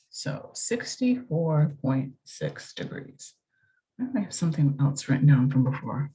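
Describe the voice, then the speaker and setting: A woman's voice: low voice, very animated, unhurried, warm tone, husky. A woman, working through a recorded math lesson, chatty and thinking aloud as she corrects herself. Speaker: math teacher.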